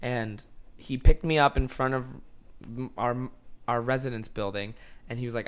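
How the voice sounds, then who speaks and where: A young man in his twenties tells a story on a podcast in loose, casual chat. He is animated and quick to laugh, swears freely, and speaks in an ordinary, mid-pitched voice. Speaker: podcast guest.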